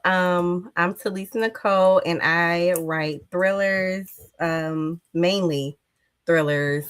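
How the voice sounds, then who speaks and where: A woman's voice: lowish voice, dry recording, clean studio sound. A woman with a Detroit accent, an author being interviewed, laid-back and easygoing. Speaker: author guest. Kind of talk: interview conversation.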